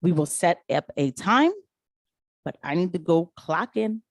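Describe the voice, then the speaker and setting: Lady vlogging about nursing, chatty and animated, dry close sound, acts out ppl she's quoting. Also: lowish voice, measured pace, no echo. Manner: animated storytelling with quoted voices. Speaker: nurse. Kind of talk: casual commentary vlog.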